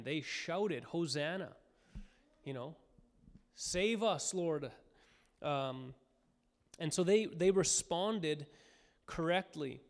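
A man preaching a sermon in an earnest manner, climbing to fervent, higher cries when he voices the crowd. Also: clean tone. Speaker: pastor. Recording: hall reverb.

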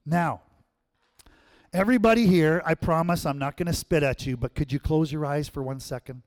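A male pastor preaching a sermon in church, telling stories and acting out voices, swinging between loud and hushed. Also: mid-range voice. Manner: animated storyteller, acts out quotes, swings from loud to hushed.

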